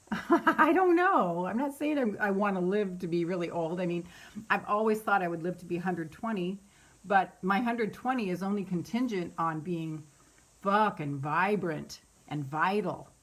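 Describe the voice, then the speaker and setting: A woman's voice: fairly low pitch, moderate pace. A middle-aged woman hosting a casual live stream, candid and rambling, who laughs often and swears freely. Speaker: meditation host on a live stream.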